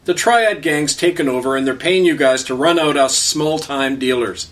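A man's voice: on the high side, moderate pace, a bit bright, distant mic, natural voice. Casting: narrator doing a cool, street-wise older Cree man, blunt and sarcastic, heard from a few steps off the mic. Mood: laconic.

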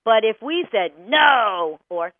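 A woman dog trainer hosting a radio talk show, bubbly and animated, laughing often. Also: a little high, normal speed, no echo. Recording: tinny phone-like line, dry.

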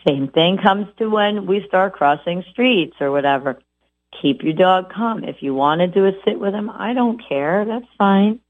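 A woman dog trainer giving an animated instructional talk, acting out owners by repeating words over and over. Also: fairly low pitch, no echo. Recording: tinny phone-like audio.

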